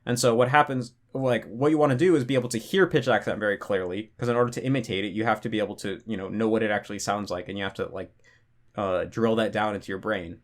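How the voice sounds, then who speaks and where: A man's voice: fairly low pitch, steady tone, quick pace. A young man hosting a casual Q&A, explaining things loosely with lots of "like" fillers and restarts. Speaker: language-learning channel host. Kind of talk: casual Q&A monologue.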